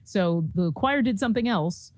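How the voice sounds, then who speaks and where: A woman's voice: medium pitch, lively intonation, moderate pace, no echo. Chatty woman, dry close mic. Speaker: podcast co-host and church musician. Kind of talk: casual chat.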